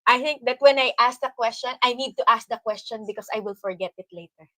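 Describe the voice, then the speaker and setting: Filipina lady cohosting a stream, talkative, giggly, kinda high voice, dry mic. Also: pushed and bright, dry recording, poor audio. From Philippines. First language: Tagalog. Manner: chatty, laughs often, careful deliberate phrasing. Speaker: livestream co-host. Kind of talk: casual livestream chat.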